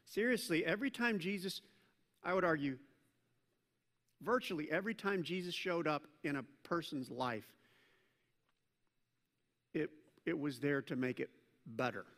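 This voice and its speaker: Animated pastor preaching in an echoey hall. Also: male voice, measured pace, long pauses. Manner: animated, rising to loud emphatic peaks, then dropping low and quiet. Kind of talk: sermon. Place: church sanctuary. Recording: long hall reverb.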